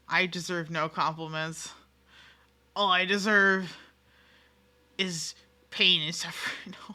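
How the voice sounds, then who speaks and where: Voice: mid-range voice, pushed and bright. A game streamer in a casual live-stream chat with viewers, rambling and self-mocking, giggling often and swearing freely.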